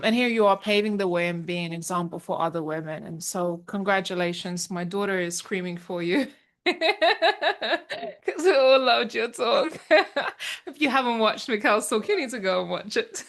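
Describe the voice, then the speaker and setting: A woman's voice: medium pitch, fairly bright tone. A woman hosting an online awards ceremony, enthusiastically announcing a winner and affirming her over a video call.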